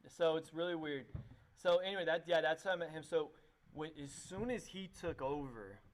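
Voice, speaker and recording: A man's voice: a little high, normal speed. A young man, a youth pastor, telling his story in a casual, rambling way with many fillers and restarts. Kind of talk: casual testimony conversation.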